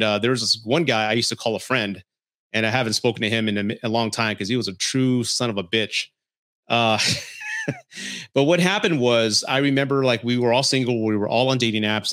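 A man's voice: mid-range voice, a bit bright. A man hosting a podcast, telling frank personal stories in a blunt, profane, casual way. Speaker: podcast host.

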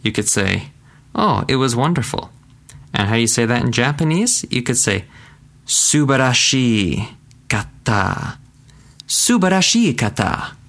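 A man teaching a casual language lesson, chatty and relaxed, slowing down to repeat phrases for practice. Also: medium pitch, gravelly.

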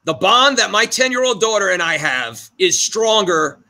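Middle-aged male guest, high bright voice, blunt and profane, emotional delivery. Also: lively intonation, moderate pace. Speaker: guest, arcade owner. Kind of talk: emotional storytelling in a podcast interview.

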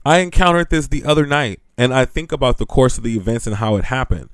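A man's voice: medium pitch, quick pace, clean tone, no echo. A man hosting a podcast, ranting and gossiping in a sassy, blunt, profane way and laughing often as he talks. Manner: animated, sassy, laughs often while talking. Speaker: podcast host.

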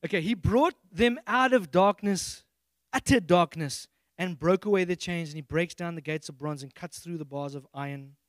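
A man from Africa, preaching a sermon on a handheld mic and acting out prayers in a high, excited voice. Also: normal speed, no echo. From South Africa. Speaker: pastor.

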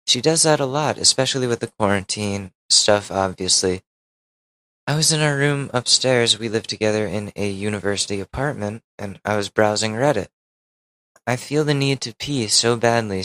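Low-voiced man reading a story aloud. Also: bright, forceful tone, poor audio. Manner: breaks in with wry asides; candid, swears casually. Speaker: podcast host. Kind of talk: reading a Reddit post aloud.

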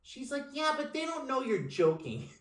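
A man's voice: very high voice, moderate pace, echoey room. A man hosting a podcast, chatting casually, with joking asides and swearing. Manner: animated, swearing, jokey. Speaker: podcast host.

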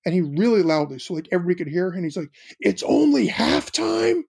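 A middle-aged man co-hosting a casual chat, telling stories about his kids and quoting them with lively voices. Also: on the high side, racing, slightly rough. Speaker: podcast co-host.

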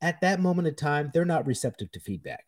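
A man, a chef talking casually in a blunt, profane, animated way. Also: a little high, fast. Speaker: chef, podcast guest. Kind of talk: casual chat.

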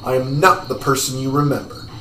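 A man voicing a calm male bandit boss in a plain, near-natural voice, heard in an echoey room. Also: mid-range voice, fairly quick, soft background music, lightly acted. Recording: echoey room, distant mic.

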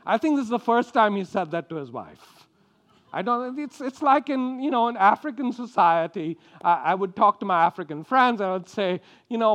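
A man's voice: high-pitched, animated, normal speed, a bit bright. A man from India preaching a sermon, acting out quotes and often stumbling over and repeating his words.

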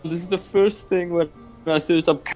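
A man's voice: sits high, steady tone, normal speed, a little mellow, soft background music. A young man co-hosting a stream, chatting casually with friends and laughing a lot. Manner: laughs a lot, playful and jokey. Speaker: stream co-host. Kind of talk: casual group chat.

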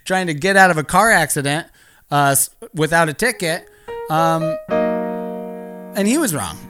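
A man's voice: fairly high pitch, a little slow, over music. A man telling a stand-up comedy story, rambling and profane, often laughing through his lines.

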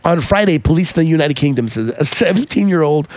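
A man's voice: fairly high pitch, animated, quick pace, darkish tone, dry recording. A man co-hosting a podcast in casual chat, loose and profane, with lots of fillers and restarts. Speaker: podcast co-host.

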